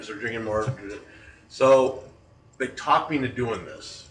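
Podcast host, man in his forties, animated anecdotes; bright voice heard from a set-back mic. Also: mid-range voice, measured pace. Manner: animated, laughs through stories. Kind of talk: casual storytelling. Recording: roomy, distant mic.

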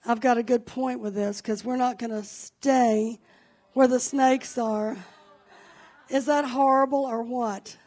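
A woman's voice: fairly high pitch, steady tone, takes it slowly, darkish tone. A woman pastor giving a sermon in an encouraging, conversational way.

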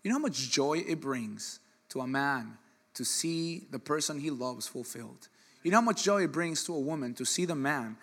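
A man preaching a sermon in an animated, joking way, with sudden loud bursts. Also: a little high. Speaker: pastor.

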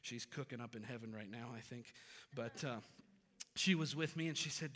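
A pastor preaching a Sunday sermon, talking conversationally and then building to emphatic, repeated phrases. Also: male voice, mid-range voice, normal speed, a bit bright. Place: church sanctuary. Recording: long reverb of a large hall.

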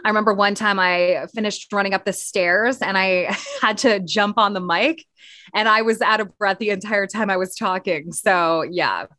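A woman's voice: medium pitch, moderate pace, pushed and bright, no echo. Canadian woman chatting tips on a dry mic. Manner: conversational, with fillers and restarts. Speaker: podcast co-host and radio broadcaster. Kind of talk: casual podcast chat giving tips.

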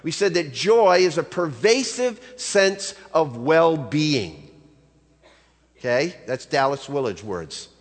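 A man pastor preaching a sermon in a relaxed, storytelling way, talking to his congregation. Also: a little high, slow pace. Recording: long reverb of a large hall.

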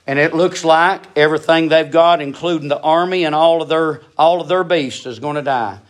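A man preaching a sermon. His voice sits high and climbs as he presses the same lines over and over. He is emphatic and insistent throughout. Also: normal speed. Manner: emphatic, repetitive preaching with rising intensity.

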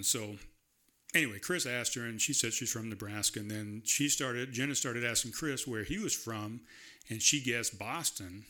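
A man's voice: mid-range voice, normal speed, bright, forceful tone. A man from South Carolina hosting a solo podcast, chatting in a rambling, self-amused way at his desk mic. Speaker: podcast host. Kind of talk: casual solo podcast chat.

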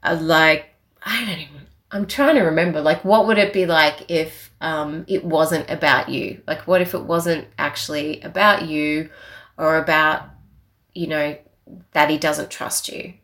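A woman's voice: sits low, steady tone, measured pace, fairly bright tone. A young woman telling a personal story in a casual, chatty way, full of filler words.

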